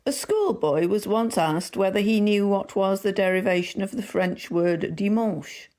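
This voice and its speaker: A woman reading old magazine jokes aloud in a measured storytelling manner. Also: mid-range voice, warm tone. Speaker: reader.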